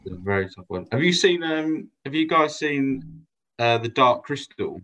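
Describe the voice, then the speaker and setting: A man in his twenties from a band, talking thoughtfully in an interview with soft, hesitant phrasing. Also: medium pitch, expressive, moderate pace, faint music behind, rough recording. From England. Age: 20s. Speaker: band member. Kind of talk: casual interview chat.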